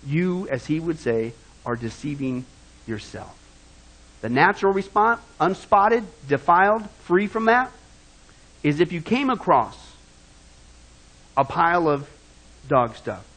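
A male pastor preaching a sermon, swinging from loud, emphatic passages down to low, hushed asides. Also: expressive, a little slow, pauses often, rough recording.

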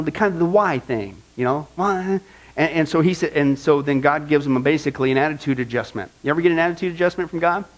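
High-voiced preaching man. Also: rough recording. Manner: animated preaching, acts out quoted complaints; rhetorical questions to the congregation. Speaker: pastor. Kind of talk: sermon.

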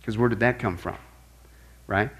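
A man preaching an apologetics lesson in an animated way, dropping low for stories and rising loud for quoted voices. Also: normal speed. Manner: animated, shifts between loud quoted outbursts and low hushed storytelling. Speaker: pastor teaching apologetics. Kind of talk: sermon-style teaching.

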